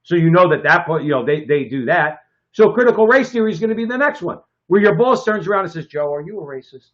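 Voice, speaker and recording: A man's voice: high voice, lively intonation, fast talker. A man co-hosting a political talk show, speaking emphatically and often adding "okay?" for stress. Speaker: co-host. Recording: slightly dull lo-fi sound.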